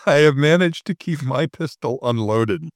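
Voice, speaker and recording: A man's voice: mid-range voice, lively intonation, moderate pace, no room sound. A man in his sixties chatting casually as a co-host, telling stories about himself with dry, self-mocking humor. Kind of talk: casual chat.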